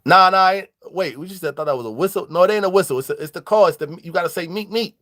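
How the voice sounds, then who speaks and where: A man's voice: high voice, racing, fairly bright tone. A man casually telling prison stories, greeting live viewers and acting out quoted dialogue in street slang. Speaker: vlogger. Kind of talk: casual storytelling vlog.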